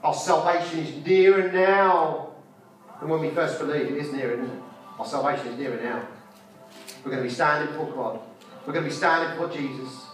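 A man's voice: mid-range voice, fast talker, a bit bright. A man preaching a fervent sermon at a conference, repeating his phrases and putting rhetorical questions to the audience. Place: conference hall. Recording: echoey hall, mic from far off, faint music.

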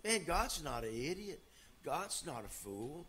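A man preaching a sermon as pastor, folksy and emphatic, swinging from loud to quiet. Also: a little high, sing-song, unhurried, slight background noise.

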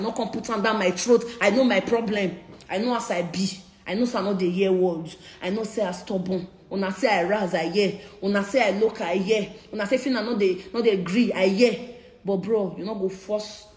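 Speaking briskly in a medium-pitched, darkish voice, this young woman in her 20s, a social media personality with a Nigerian Pidgin English accent, confronts critics on a live stream. The rant is heated and repetitive, and the room is echoey.

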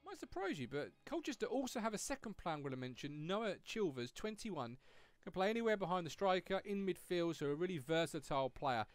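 A man's voice: high-pitched, very animated, fairly quick, dry recording, soft background music. A man hosting a video game guide in a chatty, upbeat, conversational way. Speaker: host.

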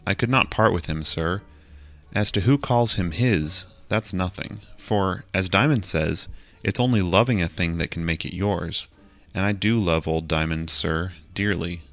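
A man's voice: low voice, a little slow, creaky, a bit bright, heavily acted. A man voicing a humble, plain-spoken cabman. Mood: earnest. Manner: plain, respectful speech.

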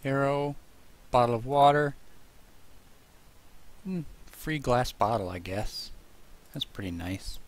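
A man's voice: mid-range voice, lively intonation, slow pace, pauses often. A man casually commenting on his own gameplay, chatting to himself and yelping at monsters.

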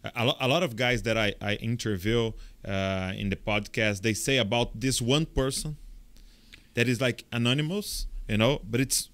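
A man hosting a podcast interview, cheering his guest on and speaking in halting phrases. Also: mid-range voice, fairly bright tone, no room sound. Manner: short encouraging reactions, halting phrasing. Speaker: podcast host. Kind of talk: conversational interview.

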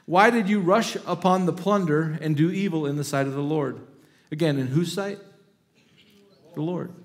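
A man's voice: a little high, normal speed. A middle-aged male pastor preaching a sermon, reading scripture aloud with dramatic emphasis and breaking into casual asides.

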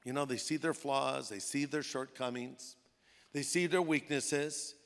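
A pastor preaching a sermon in a relaxed, conversational way, slipping into playful voices for the people in his stories. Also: medium pitch, measured pace, gravelly. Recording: long hall reverb.

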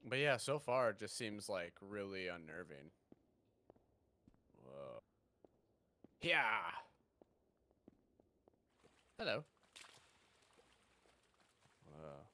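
A man's voice: low voice, sing-song, very slow, pauses often, pushed and bright. A young man hosting casual co-op gameplay, joking, swearing and exclaiming at scares. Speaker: gaming channel host.

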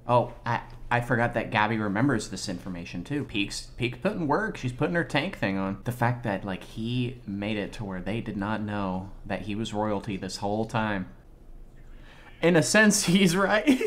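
Excitable man reacting with lively pitch. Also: slight background noise. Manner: excitable, exclamatory, swears freely, slangy. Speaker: anime reaction streamer. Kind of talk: live reaction commentary.

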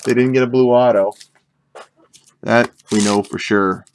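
A man's voice: medium pitch, fairly even intonation, unhurried, background noise. A young man chatting casually while opening packs of cards, rambling and joking as he calls out what he pulls. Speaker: card break host. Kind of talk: casual live card-break commentary.

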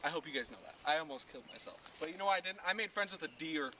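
A man hosting a parody survival show outdoors in the woods, with deadpan how-to narration that breaks into comic ranting. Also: fairly high pitch, rapid-fire, far from the mic. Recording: outdoor recording with clear background noise.

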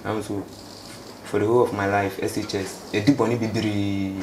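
A young adult man from Ghana talks haltingly in a flat, low voice during an informal interview, repeating himself and blending local words into his English. Echo and faint background noise can be heard.

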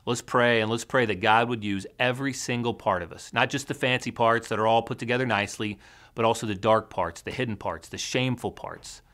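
A man preaching a sermon as a teaching pastor in a church, with an earnest, measured storytelling delivery. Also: mid-range voice, a bit bright.

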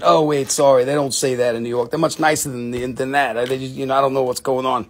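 A man hosting a live mineral sales show from home, joking around, swearing and laughing as he pitches stones. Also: little pitch movement, quick pace, few pauses. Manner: playful, profane, laughs often.

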